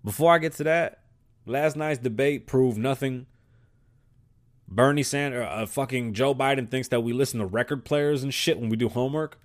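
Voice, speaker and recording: A man's voice: medium pitch, normal speed. A man hosting a podcast, ranting with heavy profanity and switching between English and Spanish. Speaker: podcast host. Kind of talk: solo podcast rant.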